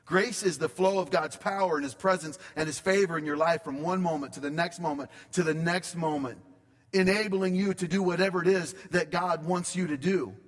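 A man delivers a sermon in a church sanctuary, speaking conversationally and leaning on dramatic pauses. His voice sits a bit high for a man. A long reverb trails after each phrase. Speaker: pastor.

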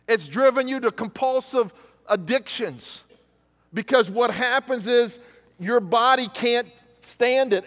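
Pastor guy preaching, real high voice, lots of questions and repeats, big echoey church hall. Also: a bit bright. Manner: emphatic preaching with rhetorical questions and repetition. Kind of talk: sermon.

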